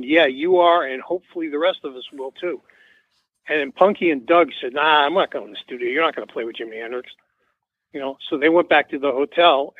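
A man's voice: a little high, dry recording. Man rambling over a tinny phone line. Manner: rambling, acts out quoted dialogue. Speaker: musician guest. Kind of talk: casual anecdote in an interview.

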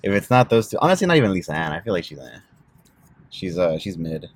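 A man's voice: low voice, very animated, quick pace, breathy edge, no room sound. A young man co-hosting a casual podcast, talking in a blunt, crude, joking way. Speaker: podcast co-host.

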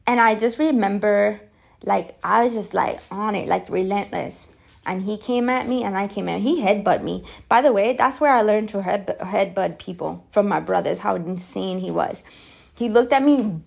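A woman in her forties telling personal stories as a podcast host, candid and animated, swearing freely. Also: medium pitch, normal speed, creaky. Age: 40s. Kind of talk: personal storytelling monologue.

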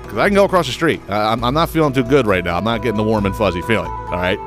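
A man from the United States hosting a podcast, telling a comedic story in a profane, animated way with stammering restarts. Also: fairly low pitch, very fast, music in the background. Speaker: podcast host.

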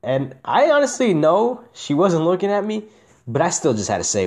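A young man hosting a casual podcast, talking candidly and profanely, swinging between a flat monotone and excited bursts. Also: fairly high pitch, moderate pace. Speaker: podcast host.

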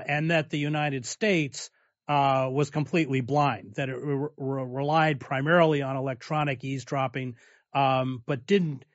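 A male interviewer setting up a long question in a measured, hesitant way. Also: medium pitch, no room sound. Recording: dull dry lo-fi audio.

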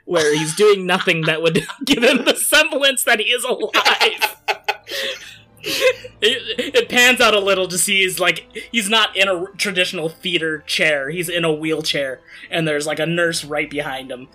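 A game master narrating an improvised comedy tabletop scene, laughing often between quick asides. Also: medium pitch, bright, forceful tone.

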